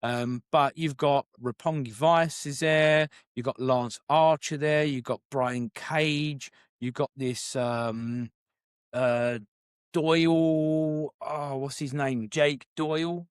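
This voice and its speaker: A man co-hosting a casual wrestling podcast, relaxed and chatty, laughing often and trailing into fillers. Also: a little high, slow, clean tone, no room sound, studio quality. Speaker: podcast co-host. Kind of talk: casual wrestling review chat.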